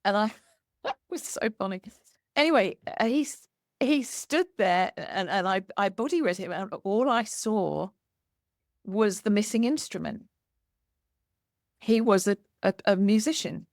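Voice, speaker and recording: A woman hosting a conversation, telling a lively anecdote and acting out the dialogue as she goes. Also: medium pitch, measured pace, long pauses, no room sound, clean studio sound. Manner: animated, acts out quoted dialogue with laughter. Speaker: podcast host. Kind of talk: storytelling in conversation.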